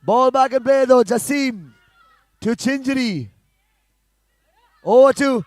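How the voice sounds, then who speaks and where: A man giving live play-by-play commentary on a football match, calling passes quickly and rising to shouts at goals. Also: extremely high pitch, dry recording, clean studio sound.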